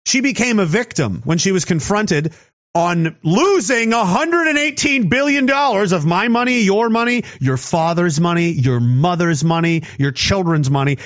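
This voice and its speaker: A man's voice: high-pitched, a bit bright. A man in a heated, profane, sarcastic political rant. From Canada. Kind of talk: angry political rant to camera. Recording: dull lo-fi audio.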